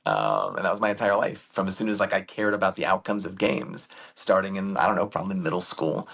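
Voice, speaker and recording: A man who coaches youth baseball, talking as a guest in a casual, animated storytelling way. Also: low voice, brisk, vocal fry, slightly rough.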